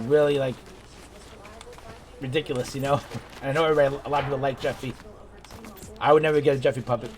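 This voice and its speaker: A man giving rambling, digressive commentary while he plays a game. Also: mid-range voice. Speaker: gaming video creator. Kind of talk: casual gameplay commentary. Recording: background noise.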